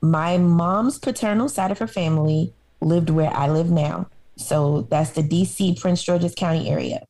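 A woman from Harlem, co-hosting a podcast in casual conversation, opinionated and quick to laugh. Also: fairly low pitch, dark tone. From Harlem, New York. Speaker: podcast co-host. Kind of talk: casual chat.

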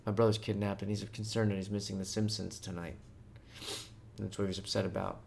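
Man, casual podcast co-host, very deep and gravelly, rambling profane storyteller. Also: flat delivery, fast talker, slight background noise. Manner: loose, profane storytelling with bursts of loud joking. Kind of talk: casual chat.

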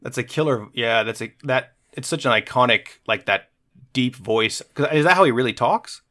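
A man's voice: medium pitch, moderate pace, sharp tone. A man hosting a podcast, chatting casually and laughing easily with his guest. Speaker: podcast host.

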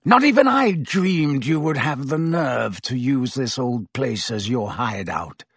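A man's voice: medium pitch, expressive, a little slow, a bit bright, breathy edge, dry recording, full character voice. Snape, a sneering teacher voiced by a man. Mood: silky menace. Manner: silky, hissing, rising to shrieks. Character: cold sneering male schoolteacher, middle-aged, vindictive.

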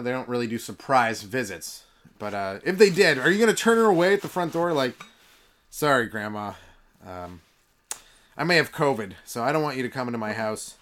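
A man's voice: a little high, a bit bright. A man, hosting a solo comedy podcast in a profane, rambling, sarcastic rant. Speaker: stand-up comedian and podcast host.

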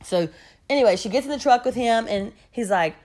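Animated gossipy young woman storyteller. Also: fairly high pitch, brisk. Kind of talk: casual storytime chat.

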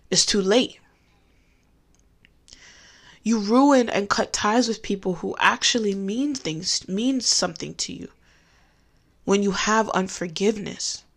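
A woman's voice: mid-range voice, fairly bright tone. Candid woman sharing a faith testimony. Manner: candid and conversational, with emphatic slowed phrases. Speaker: Christian speaker giving a testimony. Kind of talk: personal faith talk.

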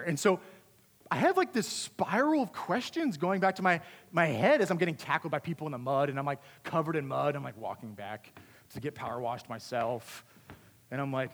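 Young man, youth speaker, animated storytelling, self-deprecating, slightly high voice, long hall reverb. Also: fairly quick.

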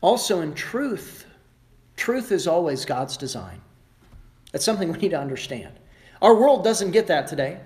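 A male pastor preaching a sermon emphatically, rising sharply in pitch and volume at his high points and mimicking other people sarcastically. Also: very animated, moderate pace. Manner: emphatic preaching with wide swings in pitch and loudness; mocking voices of the world in sarcastic asides.

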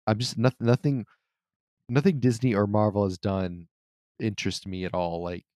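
A man's voice: fairly low pitch, steady tone, normal speed, mellow, dry recording, clean studio sound. A man co-hosting a casual gaming podcast, grumbling through dismissive, profane rants. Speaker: podcast co-host.

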